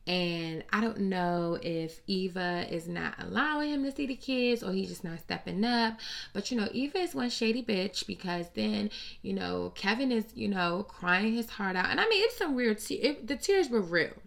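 A woman hosting casual celebrity gossip commentary, blunt and profane, with an animated, sassy delivery. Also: mid-range voice, normal speed, vocal fry. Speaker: host.

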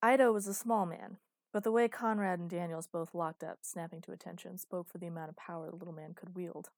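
A woman's voice: fairly low pitch, fairly even intonation, a little fast, no echo. A woman narrating first-person fiction in a dry, wry storytelling manner, close to the mic. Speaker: audiobook narrator.

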